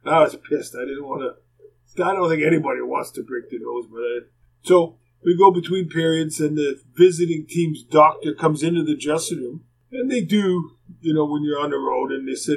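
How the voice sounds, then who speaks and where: A man's voice: on the high side, moderate pace, vocal fry, darkish tone, rough recording. An older man, a former hockey player rambling through plainspoken anecdotes as a podcast guest. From Canada. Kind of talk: casual storytelling.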